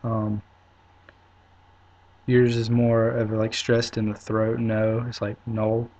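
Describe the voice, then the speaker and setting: A young man from South Carolina with an Upstate South Carolina accent, talking in a relaxed, halting way with many pauses in a casual video reply. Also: lowish voice. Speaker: vlogger. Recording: dull lo-fi webcam audio.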